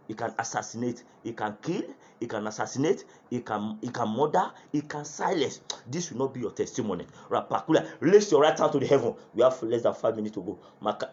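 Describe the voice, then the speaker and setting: A man preaching a fervent sermon, speaking in tongues and leading loud prayer chants. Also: medium pitch. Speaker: pastor. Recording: dull, lo-fi sound.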